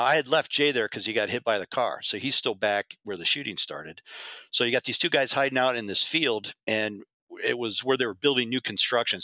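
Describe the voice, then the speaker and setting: A middle-aged man, a former undercover agent, telling animated and profane stories as a podcast guest. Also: on the low side, dry recording. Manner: animated, profane, acts out quotes. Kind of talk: casual storytelling.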